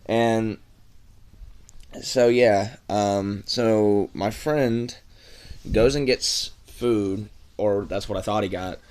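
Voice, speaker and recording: A young man tells a storytime in a loose, rambling way, full of fillers and offhand swearing. His voice sits on the low side. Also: steady tone, very slow, darkish tone, clear, resonant tone. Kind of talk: casual storytime vlog.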